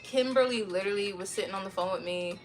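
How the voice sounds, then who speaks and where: A woman streaming from home, chatting casually with her viewers and telling a story in a lively, profane way. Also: mid-range voice, fast talker, faint music behind. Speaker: live streamer.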